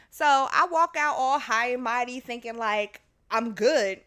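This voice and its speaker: A woman podcast host telling a story in casual chat, animated and laughing, acting out the people in it. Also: fairly high pitch, normal speed.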